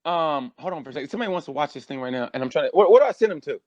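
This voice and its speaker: A man, a guest comedian, chatting casually on a podcast with high, animated energy, telling stories. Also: rapid-fire, no echo, lo-fi sound.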